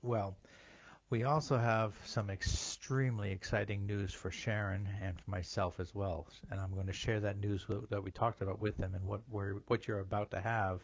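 A man's voice: lowish voice, steady tone, normal speed, dry recording. A man co-hosting a psychic call-in radio show, bantering playfully. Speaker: psychic medium and radio co-host. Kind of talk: casual talk radio chat. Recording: dry, lo-fi line.

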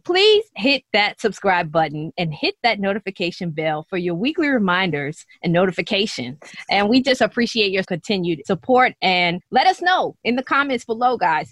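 A woman hosts her podcast with a lively, playful delivery and a voice that swings up and down in pitch, often breaking into laughter. Her voice is recorded close and dry, with no room echo. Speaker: podcast host. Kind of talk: upbeat podcast interview.

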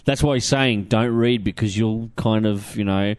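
A man's voice: lowish voice, moderate pace, darkish tone, no echo, studio quality. A man with an Australian accent talking through a comic review in casual chat, blunt and rambling, swearing freely and filling gaps with ums. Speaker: comic book podcast host.

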